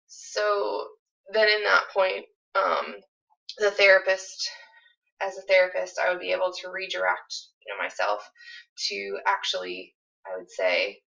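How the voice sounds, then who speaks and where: A woman's voice: on the low side, unhurried, creaky, sharp tone. A woman explaining and demonstrating a therapy technique in a small apartment, speaking hesitantly with many fillers. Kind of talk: instructional explanation with role-play. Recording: distant, dull lo-fi recording.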